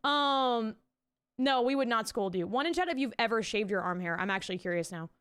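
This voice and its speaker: A woman's voice: fairly high pitch, brisk, a bit bright, clear, resonant tone. A young woman streaming from home, chatting casually with her viewers, reading chat aloud and swearing freely into a desk mic with a pop filter.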